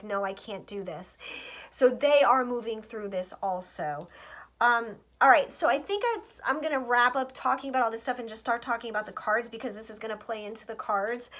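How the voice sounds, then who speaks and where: A woman with a slightly high voice gives a loose, rambling tarot reading to her viewers. She talks in a chatty, scattered way and swears freely. Her manner is casual and direct. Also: fairly bright tone. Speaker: astrologer and tarot reader.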